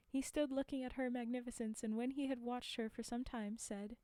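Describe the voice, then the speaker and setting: Chatty woman reading fairy tales, mellow. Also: high-pitched, normal speed, few pauses, no echo. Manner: chatty asides to chat, frequent laughs. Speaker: storyteller streamer. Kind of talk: casual fairy tale reading on stream.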